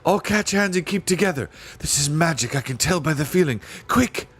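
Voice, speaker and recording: Man voicing a quick excitable schoolboy, urgent slightly raised boyish tone, lively pitch, storybook. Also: faint music behind.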